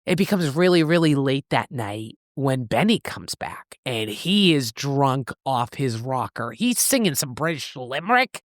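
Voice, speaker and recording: A woman co-hosting a casual podcast, recapping a novel with lively storytelling and freely swearing. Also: extremely low pitch, measured pace, few pauses, dry recording, clean studio sound. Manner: animated storytelling, acts out characters' lines in shifting voices, swears freely. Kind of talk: casual book recap chat.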